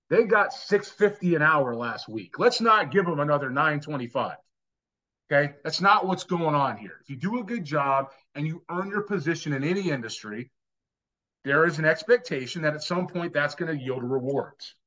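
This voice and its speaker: A man co-hosting a sports podcast launches into an exasperated, emphatic rant, tripping over his words and restarting as he pushes his point. His voice sits a little high. The recording sounds dull and lo-fi. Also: fairly bright tone. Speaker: podcast co-host. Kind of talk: casual sports podcast talk. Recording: dull lo-fi audio.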